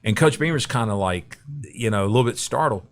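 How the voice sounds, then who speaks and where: A man's voice: mid-range voice, lively intonation, fairly quick. A middle-aged man, a guest broadcaster, telling anecdotes in a podcast interview and acting out the quotes.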